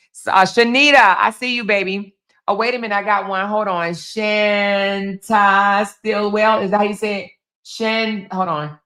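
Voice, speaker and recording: A woman's voice: mid-range voice, pushed and bright. A woman hosting a casual livestream, greeting viewers by name in a chatty, affectionate way. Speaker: livestream host.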